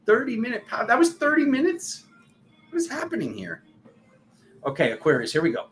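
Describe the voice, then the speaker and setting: A man's voice: very high-pitched, huge pitch swings, brisk, a bit bright. A man hosting a casual live tarot reading, chatty and filler-heavy, often laughing at himself. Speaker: tarot reader and channel host. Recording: echoey room, faint background noise.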